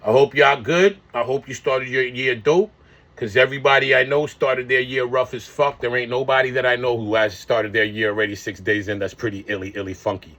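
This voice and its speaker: Man in his forties, profane slangy vlogger, mid-pitched voice, loose casual monologue. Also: steady tone, fairly quick, a bit bright. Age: 40s.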